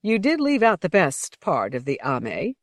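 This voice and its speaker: Awkward, dignified male captain, a woman reading, low and dry. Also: huge pitch swings, measured pace, no room sound, exaggerated voice. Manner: stiff, dignified, low-voiced.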